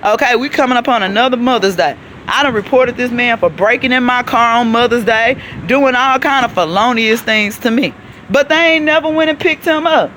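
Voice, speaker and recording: Woman, street vlogger, bright sharp voice, preachy and emphatic, faint traffic behind. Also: a little high, fairly quick. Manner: preachy and emphatic, calls listeners child and baby. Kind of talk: outdoor rant to camera. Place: outdoors on a city walk.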